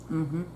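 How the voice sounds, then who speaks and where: Brief: folksy woman mukbang host, chats and hums between bites, echoey room, faint background hum. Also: mellow. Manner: chatty, folksy, addresses viewers as y'all; murmurs while chewing. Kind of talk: casual eating chat. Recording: roomy echo, faint ambience.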